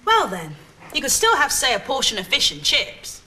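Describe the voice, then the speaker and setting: A woman's voice: high-pitched, very animated, moderate pace, sharp tone, slight background noise, heavily acted. An actress playing a firm, teasing woman in a sitcom. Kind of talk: sitcom acting.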